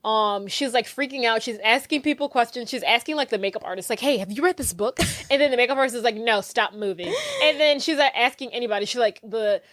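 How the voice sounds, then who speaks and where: A woman's voice: a little high, fast talker, few pauses, a bit bright, dry recording. A woman co-hosting a podcast, casually retelling a movie plot and acting out the characters' lines. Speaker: podcast co-host. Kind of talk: casual chat recapping a movie.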